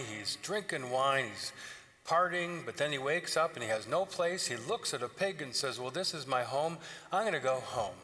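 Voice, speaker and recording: A man delivering a sermon in a bright, forward voice, retelling old stories with casual jokes. The sound carries a long church reverb behind his words. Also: mid-range voice. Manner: joking, conversational storytelling. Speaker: pastor. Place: church sanctuary.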